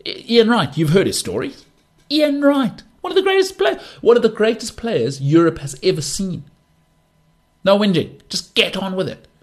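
A man's voice: high voice, big pitch swings, moderate pace. A man hosting a sports talk show, ranting emphatically and with exasperation, repeating words for stress. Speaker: podcast host. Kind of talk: solo sports talk rant.

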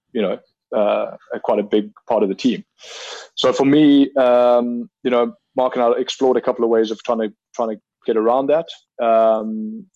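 A South African man in his thirties answers interview questions in a low, fairly flat voice, pausing often with ums and restarting his sentences. The sound is dry and dull, like a lo-fi remote call. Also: no room sound. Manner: measured, reflective, many ums and restarts. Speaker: field hockey player, interview guest. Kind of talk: casual interview conversation.

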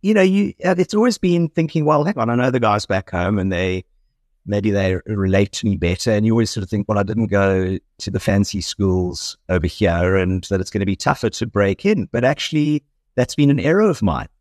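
A man's voice: lowish voice, expressive, brisk, a little mellow, no room sound, studio quality. A middle-aged South African man with a South African accent, a fund manager guest talking in a rambling, self-correcting way and laughing easily. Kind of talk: conversational interview.

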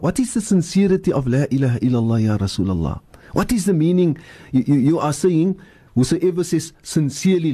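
A man's voice: a little high, dark tone. An older man, a sheikh on a religious radio show, who preaches and leads chanting. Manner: preacherly, switching into Afrikaans and leading chanted dhikr.

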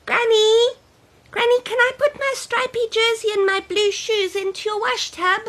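A woman voicing an excitable, impulsive little girl in a storybook, squealing high and childlike. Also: moderate pace. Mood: eager.

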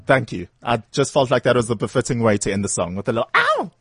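A man's voice: mid-range voice, fast talker, breathy edge, no echo. A male radio host interviewing a band in the studio, playful and theatrical, joking with his guests.

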